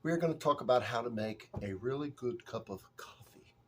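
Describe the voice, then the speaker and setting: A man's voice: medium pitch, expressive, moderate pace, a bit bright, a little hiss or hum, natural voice. A man voicing a pompous, condescending male coffee snob who lectures and sometimes drops to a whisper, in a comedic parody.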